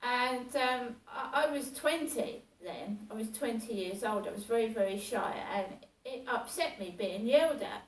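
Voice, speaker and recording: A woman venting about how she has been mistreated, repeating herself with a steady grievance. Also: fairly high pitch, a little slow, hardly any pauses, a little hiss or hum. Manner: aggrieved, repetitive, venting. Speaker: vlogger. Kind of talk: personal monologue. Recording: echoey room, far from mic.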